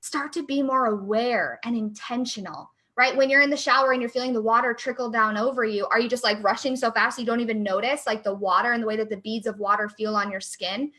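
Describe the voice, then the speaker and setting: Young adult woman, coach, bright voice, slightly high, casual, energetic, chatty. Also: brisk, hardly any pauses. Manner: energetic and chatty, with many fillers. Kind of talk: casual chat.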